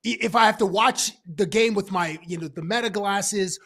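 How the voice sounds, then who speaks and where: A man's voice: high-pitched, normal speed, a bit bright. A man co-hosting a sports talk show in casual chat, rambling and enthusiastic. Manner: rambling, many fillers and restarts, enthusiastic.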